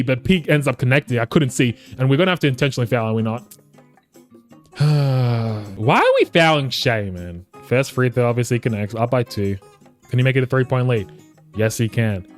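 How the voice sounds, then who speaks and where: A man commentating his own basketball video game, swearing often and swinging between shouting and flat muttering. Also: mid-range voice, brisk, soft background music. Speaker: gaming YouTuber.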